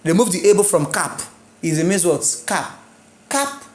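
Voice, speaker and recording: A woman's voice: fairly low pitch, a little fast, darkish tone. A woman with a Nigerian English accent teaching an exam-prep English lesson, spelling out letters and repeating words, asking and answering her own questions. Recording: echoey room.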